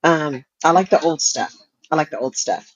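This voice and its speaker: A woman's voice: low voice, animated, normal speed, no room sound, poor audio. A woman co-hosting a talk show, chatting casually and laughing often as she talks. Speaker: podcast co-host. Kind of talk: casual chat.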